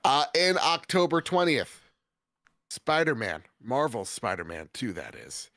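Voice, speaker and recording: A man's voice: medium pitch, big pitch swings, a little slow, a bit bright, dry recording, studio quality. A man hosting a casual gaming podcast, running through release lists with jokey, sarcastic asides. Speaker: podcast host. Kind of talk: casual chat.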